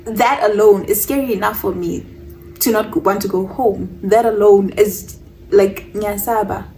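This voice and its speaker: A young woman telling a personal story on her vlog, animated and mixing English with Zulu phrases. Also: medium pitch, unhurried, far from the mic, a little hiss or hum, poor audio. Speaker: vlogger.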